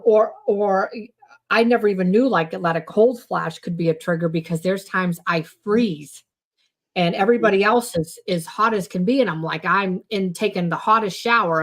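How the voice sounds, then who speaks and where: A woman chatting casually as a guest, telling personal stories and quoting herself with lively exclamations. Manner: animated storyteller, quotes herself with high exclamations. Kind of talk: casual chat.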